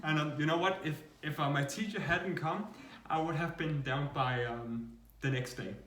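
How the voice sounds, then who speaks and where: A man co-hosting a reaction video, telling a story in a casual, animated way and laughing often. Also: a little high, moderate pace, roomy sound, far from the mic, a little hiss or hum. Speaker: reaction channel co-host.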